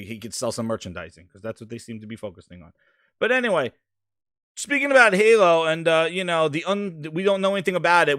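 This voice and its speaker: Excitable, lively-voiced stream host. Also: male voice, a little high, dry recording, clean studio sound. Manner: rambling, excitable, swears casually. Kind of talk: casual live-stream chat.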